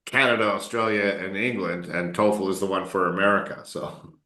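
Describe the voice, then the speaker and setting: A man's voice: low-pitched, a little fast, bright, forceful tone. A man coaching an English learner, explaining patiently and checking often that his student follows. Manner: explains patiently, keeps checking understanding with "okay?". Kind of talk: tutoring session. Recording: roomy echo.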